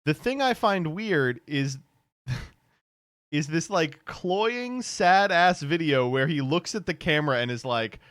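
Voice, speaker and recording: A man's voice: a little high, expressive, takes it slowly, fairly bright tone, dry recording, studio quality. A young man streaming, giving sardonic, incredulous reaction commentary with laughing asides.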